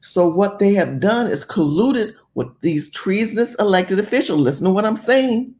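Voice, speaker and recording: Brief: woman commentator, lively pitch swings, warm dark tone, emphatic and rambling. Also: normal speed. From California. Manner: emphatic, rambling, animated delivery. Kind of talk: political commentary video.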